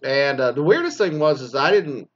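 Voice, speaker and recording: A man's voice: a little high, expressive, normal speed. A middle-aged man from Texas, a former teacher, ranting with heavy profanity and sarcasm in a casual monologue. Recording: slightly dull lo-fi sound.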